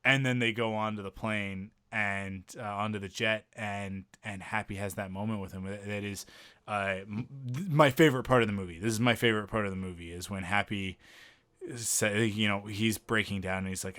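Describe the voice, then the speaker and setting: A man's voice: on the low side, steady tone, moderate pace, pushed and bright, clean tone, dry recording, studio quality. A man co-hosting a podcast, enthusiastically retelling a film scene in casual chat, often restarting his sentences. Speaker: podcast co-host reviewing a film.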